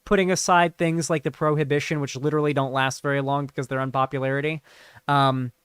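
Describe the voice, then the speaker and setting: A male streamer gives casual live commentary, rambling and swearing and packing his speech with fillers. His voice sits a touch high and sounds smooth and resonant. The recording is close and dry. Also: little pitch movement, fast, fairly bright tone, no room sound. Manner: rambling, profane, lots of fillers.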